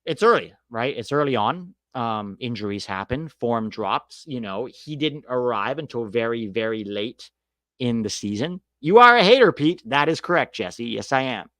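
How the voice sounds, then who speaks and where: A man hosts a casual soccer chat show, ranting bluntly and sarcastically and swearing freely. His voice sits at an ordinary pitch, recorded close and dry with no room sound. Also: expressive, normal speed, fairly bright tone, no echo. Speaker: soccer podcast host reading live chat.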